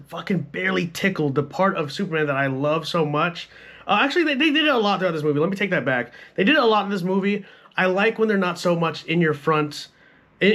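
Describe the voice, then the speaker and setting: A fairly high-voiced young man riffs through a film review in loose, unscripted speech, sprinkling in swearing and constant "like"s. His tone stays blunt and conversational, the way a channel host talks straight to his viewers. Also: fairly bright tone. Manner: profane, blunt, repeats "like" and "bro". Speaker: movie reviewer. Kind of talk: casual film review rant.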